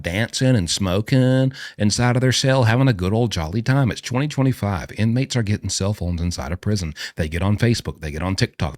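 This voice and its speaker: A man who is a former prisoner giving an animated, ranting commentary full of emphatic rhetorical questions. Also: medium pitch, no echo, clean studio sound. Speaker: vlogger and former prisoner explaining prison life.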